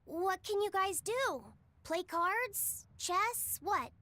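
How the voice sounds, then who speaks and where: An actress playing a curious, earnest young companion in a game, asking slow questions. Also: female voice, extremely high pitch, expressive, sharp tone, dry recording, full character voice. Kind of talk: game voice acting.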